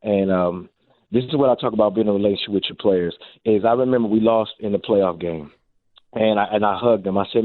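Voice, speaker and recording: Animated man on a tinny phone line. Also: on the low side, fairly quick, no room sound. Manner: animated storyteller, acts out his own quotes. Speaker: guest, former NFL receiver and coach. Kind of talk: phone-in radio interview.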